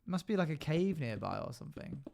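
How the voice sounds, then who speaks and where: Playful man with a gravelly voice. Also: a little high, sing-song, fairly quick, a little mellow. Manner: playful, hums and scats between remarks. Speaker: live streamer. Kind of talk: casual chat while gaming on stream.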